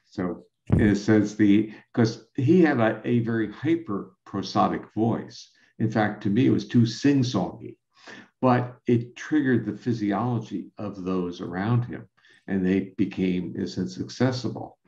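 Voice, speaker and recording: A man speaking as a scientist guest, explaining ideas in a measured, lecturing way with frequent restarts. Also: on the low side, creaky, mellow. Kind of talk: explanatory conversation. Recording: roomy, dull lo-fi sound.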